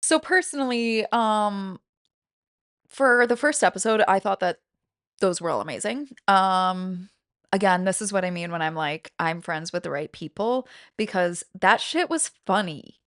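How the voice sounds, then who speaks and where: A woman's voice: medium pitch, unhurried, a bit bright, clean tone, dry recording, clean studio sound. A woman hosting a comedy podcast in casual, profane chat, telling a self-mocking story with big swings in energy. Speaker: podcast host.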